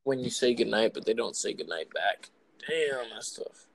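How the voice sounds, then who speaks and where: A young man with a gravelly, creaky voice at an ordinary pitch banters on a podcast. He teases with deadpan jokes and slips in punchlines casually. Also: moderate pace, a little hiss or hum. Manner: joking, teasing, deadpan banter. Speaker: podcast co-host. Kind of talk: casual chat.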